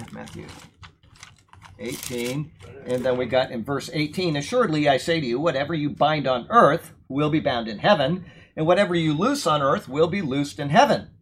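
Working through the Bible verse by verse, this preacher explains scripture in a conversational, emphatic manner and checks in with his audience. His voice is a little high and fairly bright, his pace moderate, with slight background noise behind him.

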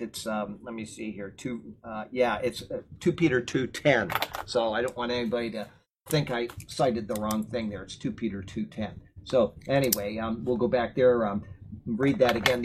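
A man teaching a Bible lesson, explaining words verse by verse and drifting into relaxed, chatty tangents. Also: mid-range voice, a little hiss or hum, low-quality recording. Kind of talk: verse-by-verse Bible commentary with casual asides.

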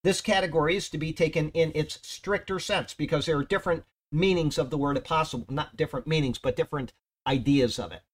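Bible teacher, male, slightly high voice, emphatic and chatty. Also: brisk. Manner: emphatic, conversational, often checks in with "okay?".

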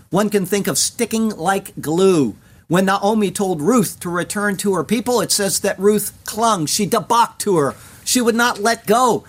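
Speaking at a medium pitch, a Bible teacher goes through scripture verse by verse in a measured, deliberate sermon voice. Hebrew words get careful pronunciation, and the teacher occasionally puts a direct question to the listeners.

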